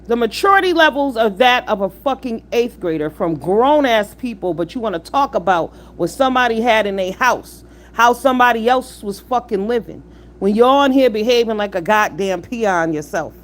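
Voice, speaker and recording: A woman in her 50s, her voice a little high and animated at a moderate pace, runs a live stream full of chat shout-outs. She lectures her viewers bluntly, swears freely and keeps tossing out rhetorical questions.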